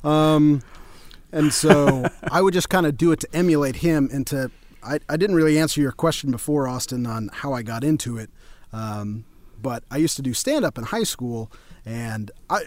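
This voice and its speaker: A man from Colorado, a voice actor chatting as a guest in an interview, telling stories in a relaxed, self-deprecating way. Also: mid-range voice, brisk, no echo. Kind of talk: casual interview chat.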